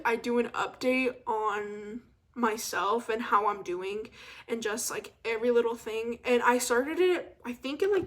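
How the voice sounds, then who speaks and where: A young woman in her twenties hosting a casual solo podcast, rambling and self-deprecating, laughing often and trailing off with "I don't know". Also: on the high side. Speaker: podcast host.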